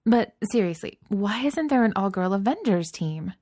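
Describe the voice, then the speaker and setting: A woman voicing a cheerful, chatty rich young heroine who talks in a bright, giggly way. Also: mid-range voice, animated, moderate pace, dry recording, clean studio sound, voice pushed up, natural voice.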